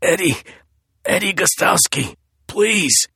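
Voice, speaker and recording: A man voicing a terrified male worker pleading in a strained, high voice. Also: expressive, takes it slowly, vocal fry, bright, forceful tone, breathy edge, no echo, clean studio sound, exaggerated voice.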